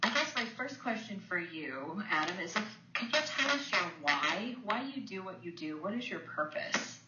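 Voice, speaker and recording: A woman's voice: mid-range voice, sing-song, normal speed. A woman interviewing a guest on a radio show, introducing him with enthusiasm. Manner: enthusiastic, warm. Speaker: co-host and interviewer. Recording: echoey, muffled, noisy line.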